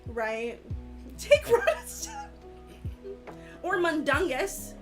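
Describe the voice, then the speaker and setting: High-voiced woman telling stories through laughs. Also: drawn-out words, loud music behind the voice. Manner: laughing storyteller, animated retelling. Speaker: guest. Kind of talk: casual chat.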